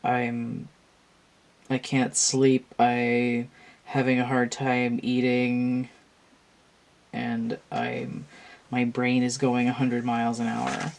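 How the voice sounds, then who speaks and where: A woman's voice: a bass voice, takes it slowly, creaky, a little mellow, a little hiss or hum. A tired, yawning woman reading tarot cards to a camera at home, musing aloud and meandering with restarts in a casual monologue. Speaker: tarot reader.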